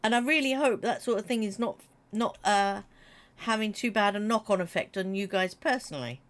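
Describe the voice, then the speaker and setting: A British woman with a runny nose chats her way through a game stream. She talks in a mid-pitched voice, teasing and joking as she greets her viewers and answers them. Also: normal speed. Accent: British English. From Britain. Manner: chatty, jokey, reads chat aloud. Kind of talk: casual chat while gaming.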